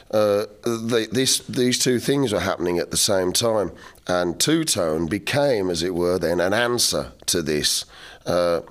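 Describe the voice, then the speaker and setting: A man's voice: low voice, fairly bright tone. A man, a musician guest telling wry, laughing anecdotes in an interview. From English Midlands. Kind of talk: storytelling interview chat.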